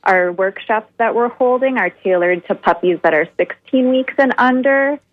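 A woman from Minnesota, a dog trainer, explaining upbeat and clear as a radio interview guest. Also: fairly high pitch, normal speed, dry recording, muffled recording.

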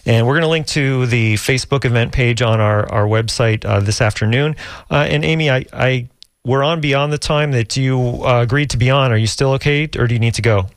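A male radio talk show host who speaks in a halting way, full of restarts and filler words. His voice sits at a middle pitch and is recorded dry and close, with no room sound. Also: clear, resonant tone, no room sound. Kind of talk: call-in radio interview.

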